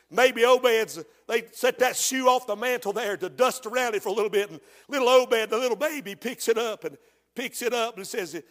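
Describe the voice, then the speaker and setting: A man preaching a sermon as pastor. He tells the story in hushed tones and then bursts into shouts. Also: extremely high pitch. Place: church. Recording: long reverb of a church hall.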